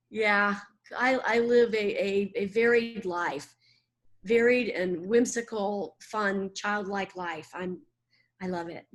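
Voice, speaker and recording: A woman in her sixties, a voice actor chatting as a guest in an animated, laughing way. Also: mid-range voice, slow, long pauses. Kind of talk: casual interview chat.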